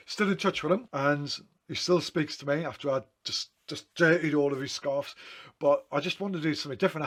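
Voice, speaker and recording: A man's voice: a little high, a bit bright, breathy edge. A man, a photographer, casually telling rambling anecdotes about his photos, often correcting himself mid-sentence. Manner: rambling, self-correcting, chatty. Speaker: photographer talking through his photo book.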